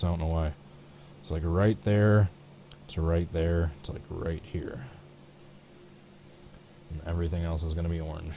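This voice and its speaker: A man's voice: sits low, level tone, moderate pace, pauses often, warm tone, slight background noise. A man streaming live, chatting casually and self-deprecatingly as he talks himself through each step of painting a race truck on his computer. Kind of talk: casual thinking-aloud commentary while working.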